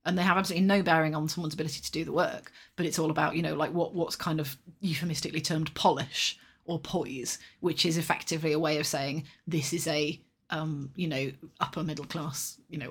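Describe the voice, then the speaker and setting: Woman on a podcast, lowish husky voice, thinks out loud with lots of ums. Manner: thoughtful, hedging, laughs often. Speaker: podcast co-host. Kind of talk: casual chat.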